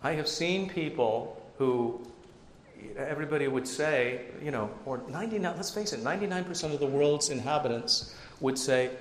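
Speaking at a moderate pace in a slightly high voice, a man delivers a sermon as pastor, chatty and prone to self-deprecating remarks. There's slight background noise, and the echoey hall adds long reverb and faint ambience.

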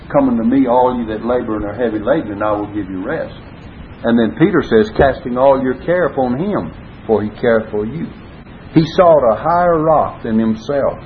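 A man preaching a Bible study sermon, earnestly stressing key words and quoting scripture in old-style wording. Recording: phone-like lo-fi recording with faint rumble.

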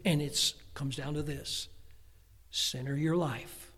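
Slow and husky, with a voice on the high side, an older pastor preaches while telling family stories. His storytelling is lively and full of humorous asides, and the recording has a long hall reverb.

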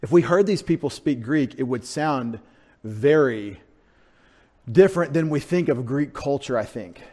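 A male pastor preaching a sermon, animated and conversational, swinging from loud emphasis to quiet asides, sounding out Greek words and dropping in joking remarks. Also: medium pitch, measured pace.

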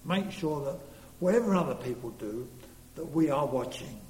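A man's voice: fairly high pitch, lively intonation, normal speed, a little mellow. A man preaching a sermon earnestly, leaning hard on key words. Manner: earnest, rising to emphatic stresses. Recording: long reverb in a hall, faint hum.

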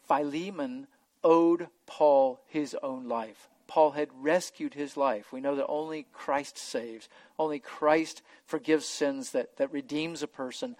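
A man's voice: a little high, darkish tone, no echo. Earnest man preaching, close and dry. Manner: earnest, emphatic, with frequent repeated words. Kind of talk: expository sermon.

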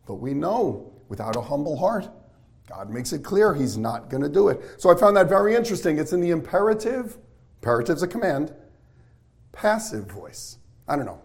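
Male pastor, higher voice, excitable sermon delivery with questions to the room. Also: fairly quick.

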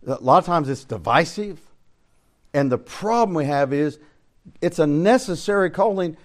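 An older man teaching a Bible study as pastor, preaching in a folksy storytelling way that swings between loud emphasis and quiet asides. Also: on the high side, animated, moderate pace.

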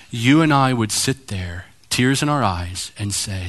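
A man's voice: medium pitch, a little slow, few pauses. A man preaching a sermon as pastor, direct and challenging, acting out voices as he tells stories. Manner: animated storytelling, acting out voices.

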